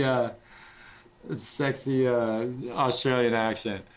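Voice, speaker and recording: A man's voice: medium pitch, slow. A middle-aged man livestreaming as a guitarist, chatting casually in a rambling, sentimental way with frequent swearing.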